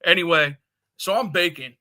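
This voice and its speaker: Male podcast guest, bright and sharp tone, a bit high, easygoing rambler. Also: normal speed. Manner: laid-back, short agreements, rambling recollections. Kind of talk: casual chat, reminiscing.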